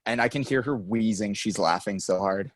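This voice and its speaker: A man's voice: fairly low pitch, moderate pace, no echo. A young adult man co-hosting a podcast, telling rambling stories in casual chat and laughing often. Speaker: podcast co-host.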